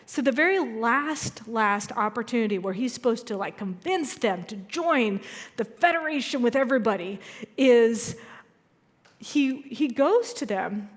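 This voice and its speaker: A woman's voice: on the high side, expressive, unhurried. Woman minister preaching in a reverberant hall. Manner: chatty, storytelling, self-deprecating humor. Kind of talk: conversational sermon. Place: church sanctuary.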